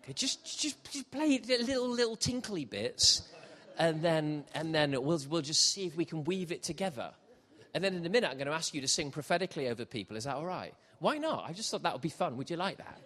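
A man preaching a live sermon at a church service, building passionately and sometimes shouting. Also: on the high side, expressive, fast. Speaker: pastor. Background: faint piano.

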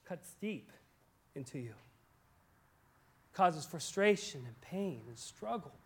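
High-voiced man preaching with passion. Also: animated, slow, slightly rough. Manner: impassioned, swings from quiet to loud pleas. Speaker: pastor. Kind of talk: sermon.

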